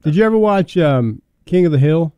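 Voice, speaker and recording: A man with a mellow, smooth voice chats at an unhurried pace, pausing now and then with "uh" and "um". The sound is dry and close. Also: fairly high pitch, expressive, no echo. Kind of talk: casual chat.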